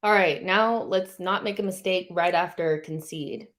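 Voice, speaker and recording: Woman host, unhurried live match chat, swears easily, erupts when her team scores. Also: on the low side. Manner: excitable, shouts at big moments, swears casually. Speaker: host of a football watchalong. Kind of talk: live match commentary with viewers.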